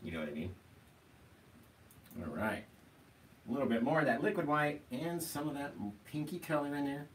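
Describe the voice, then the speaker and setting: Brief: male painting instructor, chatty and easygoing, room echo, mic set back. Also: mid-range voice. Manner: relaxed, chatty, keeps asking "right?". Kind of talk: live painting tutorial. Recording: roomy sound, mic at a distance, faint noise.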